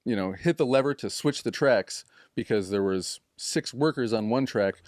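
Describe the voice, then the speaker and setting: A man's voice: medium pitch, normal speed, darkish tone, dry recording, clean studio sound. A man casually telling a long story on a podcast, swearing freely and acting out what others said. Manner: profane, acts out quoted people.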